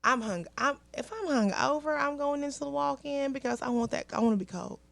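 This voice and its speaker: A woman's voice: sits high, brisk, vocal fry, fairly bright tone, dry recording. A woman co-hosting a casual chat, rambling with many fillers and speaking bluntly.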